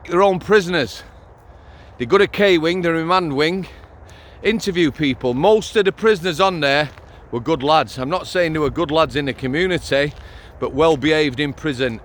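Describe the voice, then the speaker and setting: A man's voice: fairly high pitch, fairly bright tone. A middle-aged man, a former prison officer telling stories to his channel in a blunt, sweary, conversational way, outdoors. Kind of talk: casual vlog storytelling.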